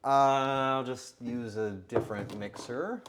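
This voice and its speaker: A man's voice: medium pitch, steady tone, slow, background noise. A man streaming a game live, talking to himself with frantic, joking commentary.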